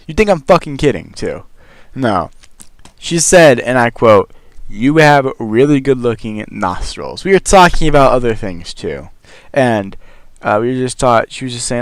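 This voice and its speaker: A man's voice: medium pitch, measured pace, dry recording. A young man telling a funny personal story in a casual, exasperated way, swearing freely and acting out what people said. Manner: animated, exasperated, profane, acts out quotes.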